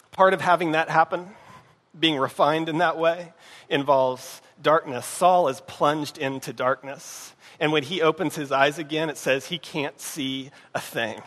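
A man preaching a sermon in a conversational way, often dropping to a hushed voice and asking the congregation if they are following. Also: on the high side. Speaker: pastor. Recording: long hall reverb.

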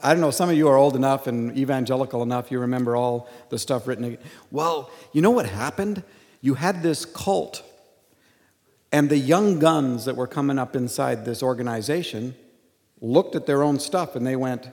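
A man's voice: mid-range voice, moderate pace, a little mellow. A man speaking casually to an audience, joking and laughing often. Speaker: speaker on stage. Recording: hall with long reverb.

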